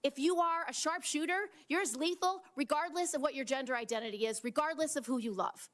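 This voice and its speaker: High-voiced woman senator questioning pointedly. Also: brisk, fairly bright tone. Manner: pointed, indignant, restarts sentences. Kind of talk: questioning at a hearing.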